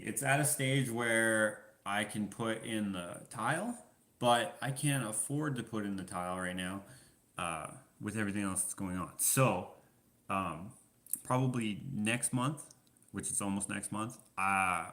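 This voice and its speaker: A man's voice: fairly low pitch, unhurried, a bit bright. A man from Canada chatting casually in a question-and-answer vlog, telling rambling stories full of fillers. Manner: rambling storyteller, many fillers. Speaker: vlogger.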